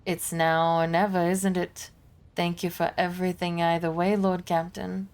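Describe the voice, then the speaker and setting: A woman's voice: on the low side, little pitch movement, moderate pace, a little mellow, clean tone, natural voice. A woman doing a weary psychic with an accent. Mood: wistful. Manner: put-on accent, wistful and emotional. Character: weary, sentimental female psychic companion.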